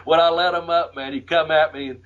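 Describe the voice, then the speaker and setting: A man's voice: a little high, fairly even intonation, fairly quick. Profane, laughing male wrestling storyteller. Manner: profane, laughing, acts out shouted quotes. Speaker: podcast host telling wrestling stories. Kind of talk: casual storytelling. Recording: muffled lo-fi audio.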